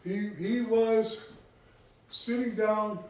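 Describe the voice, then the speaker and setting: High-pitched guy slowly lecturing, keeps asking the crowd "right?", far from the mic, roomy echo. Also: steady tone, a little mellow. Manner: keeps checking in with listeners. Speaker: tribal chief giving a talk. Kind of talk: conversational lecture. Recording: echoey room, mic far off.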